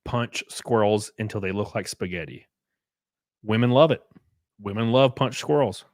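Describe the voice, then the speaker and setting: A man hosting a casual live stream, joking crudely and thanking viewers by name, jumping from loud outbursts to quiet muttering. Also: lowish voice, moderate pace, no room sound, clean studio sound. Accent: Southern American. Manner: crude, joking, reads and thanks super chats aloud. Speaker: livestream host.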